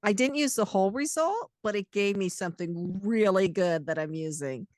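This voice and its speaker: A woman's voice: mid-range voice, expressive, normal speed, darkish tone, no echo. A woman co-hosting a studio talk show, friendly and confiding. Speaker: co-host. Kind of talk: casual interview chat.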